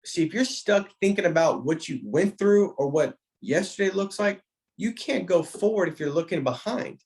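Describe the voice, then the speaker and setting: A man's voice: sits high, animated, normal speed, a little mellow. Emphatic, preacher-like motivational man. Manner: emphatic preacher-like cadence with repeated phrases; frequent restarts, speaks directly to a listener by name. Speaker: insurance sales trainer. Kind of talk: motivational talk.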